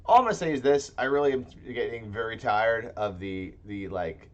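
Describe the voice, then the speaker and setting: Male podcast co-host, lowish voice, loose rambling delivery with many restarts. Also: expressive, normal speed, dull audio. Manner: rambling, self-interrupting. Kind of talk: casual chat.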